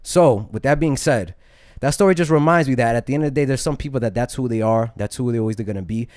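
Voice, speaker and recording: A man's voice: medium pitch, fast, darkish tone, dry recording. Give me a laid-back young man hosting a podcast, mid voice, dry sound. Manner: laid-back, profane, slangy. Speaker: podcast co-host. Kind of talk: casual chat.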